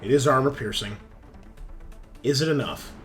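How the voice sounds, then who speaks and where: A man's voice: medium pitch, normal speed, a bit bright, soft background music. A man running a tabletop role-playing game as game master, explaining rules patiently and narrating the action.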